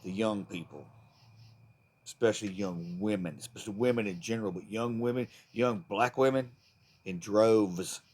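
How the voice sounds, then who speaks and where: A man's voice: on the low side, moderate pace, a little mellow, slight background noise. Guy ranting on his vlog, cussing a lot, all fired up and rambly. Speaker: vlogger. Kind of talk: political rant to camera.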